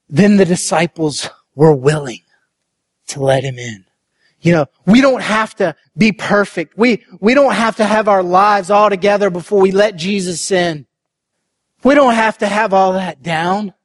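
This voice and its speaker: High-voiced earnest male preacher. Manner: earnest, building to emphatic shouts. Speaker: pastor. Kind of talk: sermon.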